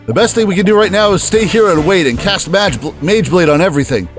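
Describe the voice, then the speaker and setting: A man voicing a calm, firm young woman who works as a bodyguard, urging the others to stay put. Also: high voice, quick pace, soft background music, lightly acted. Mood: urgent.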